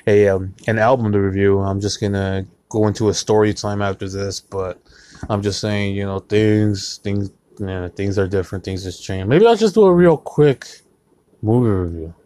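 A man's voice: fairly low pitch, moderate pace, mellow, slight background noise. A man hosting his own podcast, rambling casually with lots of swearing and jokes. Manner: profane, rambling, joking, drinking beer on mic. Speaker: podcast host.

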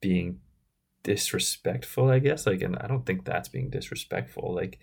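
Brief: man, 30s, podcast co-host, low gravelly voice, relaxed rambling talk with lots of fillers. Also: normal speed. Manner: relaxed, rambling, many fillers like "like" and "you know". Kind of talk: casual chat.

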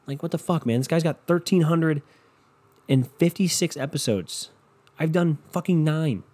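A hoarse young man hosting a solo podcast from his bedroom on one microphone, ranting and swearing constantly. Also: on the high side, normal speed, mellow. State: voice worn and hoarse. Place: his bedroom at his parents' house. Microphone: single home podcast microphone.

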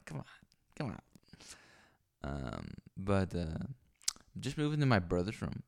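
Low-ish and marked by vocal fry and big pitch swings, this man's voice unspools a little slowly. He's a Los Angeles podcaster rambling crudely by himself into a stand microphone in a small home room, restarting often and leaning on fillers.

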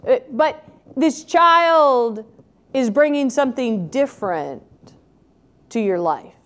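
A woman's voice: sits high, slow. A woman reading scripture and then preaching in a conversational way, often asking the listener rhetorical questions. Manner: conversational, asks rhetorical questions, animated when quoting. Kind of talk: scripture reading and reflective sermon.

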